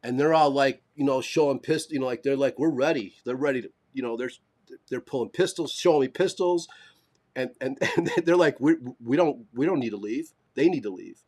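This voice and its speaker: Talking a little fast in a mid-range voice, this man co-hosts a podcast live stream and spins a lengthy story in relaxed conversation. He curses freely and animatedly impersonates the people he's quoting.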